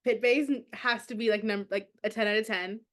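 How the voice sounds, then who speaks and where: High-voiced excitable young woman. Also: normal speed. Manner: emotional, excitable, gushing. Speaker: podcast co-host. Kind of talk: casual chat.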